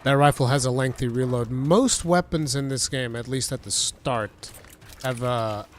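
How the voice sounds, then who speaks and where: A gaming streamer plays through a game, offering casual let's-play commentary and thinking aloud as he goes. His voice is mid-range and his pace measured. He warmly thanks the viewers in chat.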